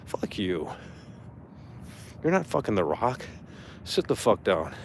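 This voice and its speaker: A streamer with a lowish voice rants angrily in casual talk, swearing freely and mocking someone who annoyed him. His pitch swings widely, he speaks slowly, and he raises his voice for mocking impressions. A little hiss or hum sits under the audio.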